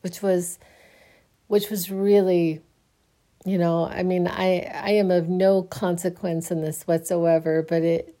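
Slow, sleepy woman musing softly. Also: on the low side, level tone. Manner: slow, halting, restarts often, soft laughs. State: sleepy, yawning. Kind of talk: casual spiritual musing.

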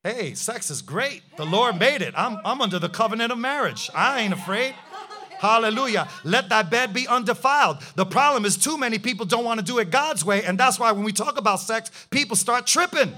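High, bright-voiced male preacher. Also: lively intonation, brisk. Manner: fervent preaching with rhetorical questions and hallelujahs. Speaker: pastor. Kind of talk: sermon.

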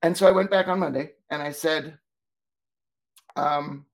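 A former teacher co-hosting a talk show tells stories in a casual, animated way, his voice on the high side and his pace measured. He acts out the dialogue of the people he quotes.

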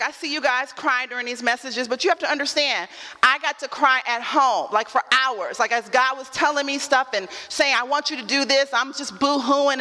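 A woman's voice: high voice, bright, forceful tone, big-room sound. A woman pastor preaching a sermon, repeating lines with rising calls and telling stories in a casual tone.

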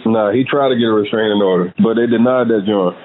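A man's voice: fairly low pitch, fast talker. A man hosting a casual phone conversation in a laid-back, slangy way. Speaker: host calling a guest. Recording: tinny phone line with faint hiss.

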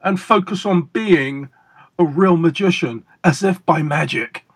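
A man's voice: on the high side, a little slow. A man putting on an old male master magician who speaks terse, broken English and fires short questions. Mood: instructive.

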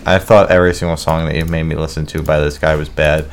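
Young male podcast host, very low voice, crude self-mocking banter, faint room noise. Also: flat delivery, fast talker. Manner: joking, self-mocking, swears freely. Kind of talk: casual chat on a live-streamed podcast.

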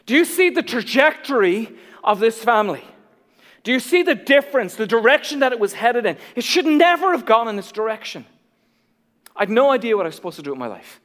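Animated Irish preacher in an echoing hall. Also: male voice, very high voice, a little fast. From Ireland. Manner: animated storytelling with self-deprecating humor. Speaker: pastor. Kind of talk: sermon.

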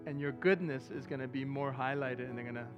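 A man preaching a sermon as pastor, talking to the congregation in a relaxed way and breaking into loud excited bursts. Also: mid-range voice, a little fast, dull audio, music in the background.

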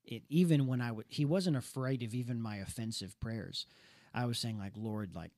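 A man's voice: mid-range voice, normal speed, a little mellow, dry recording, studio quality. A young man co-hosting a casual talk, telling a personal story earnestly with many restarts. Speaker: podcast co-host.

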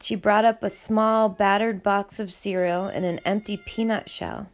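A woman reading a novel aloud as audiobook narrator, in a steady, measured way with a gravelly voice. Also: mid-range voice. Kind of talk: scripted narration.

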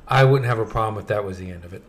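A man co-hosting a casual podcast chat, animated and swearing freely as he acts out scenes he liked. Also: fairly low pitch, very fast. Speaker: podcast co-host.

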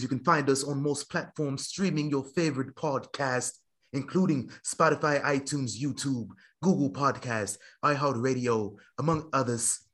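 A man's voice: medium pitch, fairly bright tone. A man hosting a wrestling podcast, switching between casual chat and mock-grand announcer flourishes. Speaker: podcast host.

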